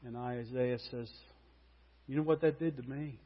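A man's voice: medium pitch, fairly even intonation, normal speed. Man preaching dramatically in a reverberant hall. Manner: dramatic, swinging from loud proclamation to hushed intensity. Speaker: pastor. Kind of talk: sermon. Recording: muffled sound with long hall reverb.

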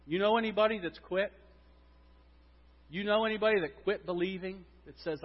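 A high-pitched male pastor delivers a sermon with emphatic swings between loud stresses and hushed drops. His voice rings with long reverb, and the sound is somewhat dull. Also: moderate pace, long pauses.

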